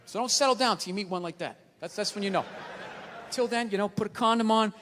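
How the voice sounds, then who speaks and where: A man doing a stand-up comedy set on stage, ranting and profane, swinging between low mutters and shouts, with audience laughter. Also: quick pace. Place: large theater stage. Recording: live theater, long reverb, audience noise.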